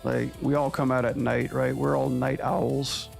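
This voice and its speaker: A man who animates and streams, chatting casually with his viewers in a relaxed, slangy way over faint guitar music. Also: mid-range voice, unhurried, gravelly. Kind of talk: casual livestream chat.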